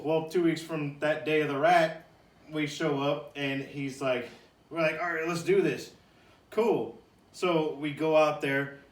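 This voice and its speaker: A man telling a funny personal story in a loose, animated way, bursting into shouts and laughter as he acts it out. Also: a little high. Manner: animated, shouts and laughs while acting out the scene. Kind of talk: casual spoken anecdote. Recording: echoey room, distant mic.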